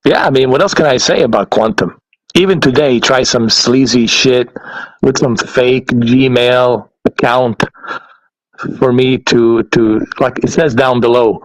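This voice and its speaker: A man's voice: medium pitch, unhurried, no echo, poor audio. A man hosting a podcast in a casual, blunt rant, swearing heavily and laughing at his own points. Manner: heavy swearing, blunt and exasperated, laughs often. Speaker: podcast host.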